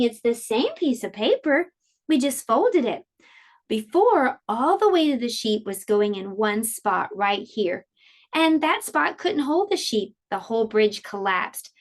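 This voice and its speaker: For a group of young children online, a woman describes a science activity and then reads a storybook aloud. She speaks slowly with a high, sing-song voice, as if explaining things to toddlers.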